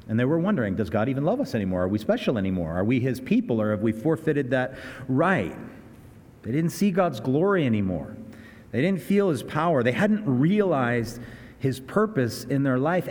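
A male pastor preaches in an earnest, conversational way, circling back to restart his phrases. His voice sits at an average pitch. The sound carries the long reverb of a church hall. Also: darkish tone. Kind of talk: sermon.

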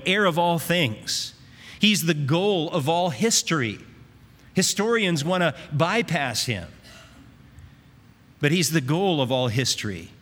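A man preaching an expository sermon, earnest and emphatic, reading scripture slowly. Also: a little high, fairly bright tone. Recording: reverberant hall.

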